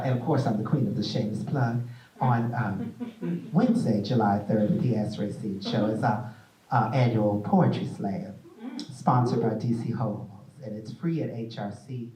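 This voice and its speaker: A man hosting a stage interview, playful and animated as he tells stories. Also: fairly low pitch, distant mic, slight background noise. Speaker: host. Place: theater stage. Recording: echoey room, mic from afar.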